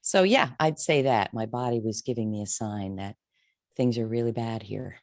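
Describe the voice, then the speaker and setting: A woman's voice: moderate pace, a little mellow, dry recording. Woman in her fifties, career coach guest, candid emotional storytelling, dry close-miked sound. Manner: candid, emotional, wide swings in pitch. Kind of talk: interview storytelling.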